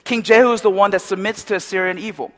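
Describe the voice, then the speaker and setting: A man preaching a sermon in a conversational, animated way, with restarts and asides. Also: high-pitched, fast, long reverb tail.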